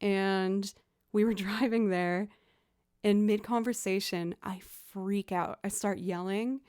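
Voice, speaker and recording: A woman's voice: mid-range voice, fairly even intonation, slow pace, a little mellow, smooth. A young woman from the Boston area with a Boston accent, chatting casually with viewers on her music livestream, full of likes and you-knows. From Boston area, USA.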